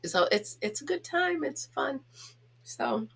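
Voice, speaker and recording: A woman's voice: high voice, big pitch swings, takes it slowly, creaky. A middle-aged woman from the United States hosting a casual home chat vlog, talking in a chatty, giggly, self-teasing way. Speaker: host.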